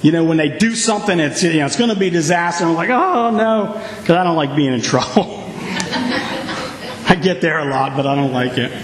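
Guy preaching, high voice, acts stuff out, big swings in pitch. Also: brisk. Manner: animated storytelling, acting out reactions. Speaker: pastor. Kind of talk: sermon. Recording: echoey hall.

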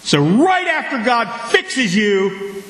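A man with a high voice preaches to his congregation, calling for responses and bursting into sudden shouts. The sound is roomy and echoing off the walls of the church sanctuary. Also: big pitch swings, takes it slowly. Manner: preaching with call-and-response, sudden loud outbursts. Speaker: pastor. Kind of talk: sermon.

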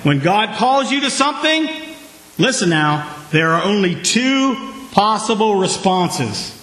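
A man preaching a sermon in a church, with call-and-response and sudden loud outbursts. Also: high-pitched, big pitch swings, a little slow, roomy sound, rough recording. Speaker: pastor.

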